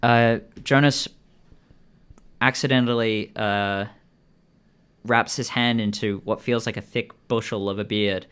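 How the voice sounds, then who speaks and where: A man narrating as game master of a tabletop role-playing game, with a relaxed, halting delivery full of fillers. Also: lowish voice, smooth.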